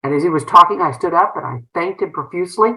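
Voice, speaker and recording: Low, bright-voiced woman telling her story. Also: quick pace, low-quality recording. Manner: earnest, emotional retelling with frequent fillers and restarts. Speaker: guest, former school principal turned entrepreneur. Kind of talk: personal storytelling in an interview.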